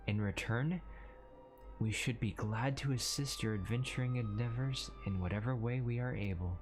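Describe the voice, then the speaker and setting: A man voicing an earnest recruiter of adventurers, reading game dialogue in a formal, measured way. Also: medium pitch.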